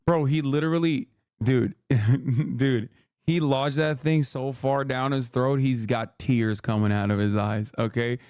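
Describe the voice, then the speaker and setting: A man's voice: medium pitch, steady tone, a little slow, a little mellow, clean tone, no room sound. Male streamer, crude and mocking reaction commentary, close and dry sound. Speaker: streamer reacting to news clips.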